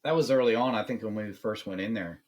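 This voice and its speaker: A man's voice: on the low side, fast talker, muffled recording. A man from Pennsylvania co-hosting a paranormal podcast, easygoing, mostly agreeing and musing aloud about history. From Pennsylvania, USA. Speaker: podcast co-host, paranormal investigator. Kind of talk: casual chat.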